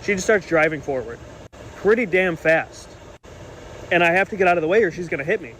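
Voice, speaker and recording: Fast-talking young man recounting a story. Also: high voice, slight background noise, rough recording. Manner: animated, indignant retelling with quoted dialogue. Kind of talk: storytime monologue to camera.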